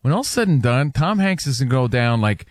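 A man co-hosting a call-in radio show, chatting casually and telling stories with excitement. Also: mid-range voice, fairly quick, no room sound, clean studio sound. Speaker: sports radio co-host.

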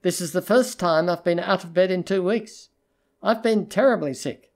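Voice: medium pitch, moderate pace, close to an everyday voice. A storybook reader voicing a distraught young woman who pleads and threatens in a tense, urgent way. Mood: pleading.

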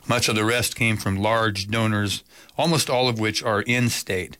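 A man reading radio news as the anchor, in an even, measured delivery. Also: fairly low pitch. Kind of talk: read news bulletin.

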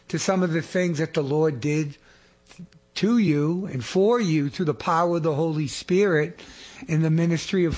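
Earnest man hosting a ministry show. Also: a little high. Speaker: host. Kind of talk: interview introduction.

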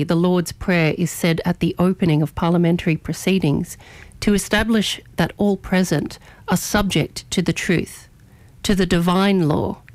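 A woman hosting morning radio, delivering an opinionated editorial in a measured, argumentative way and stressing key words. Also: fairly low pitch, no room sound. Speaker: radio host.

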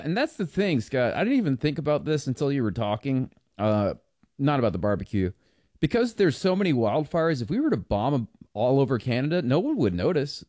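A male talk radio host speaks at an ordinary middle pitch, rambling and joking his way through loose political banter. He restarts his sentences constantly, and his voice sits close and dry on a studio mic. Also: a little mellow, dry recording.

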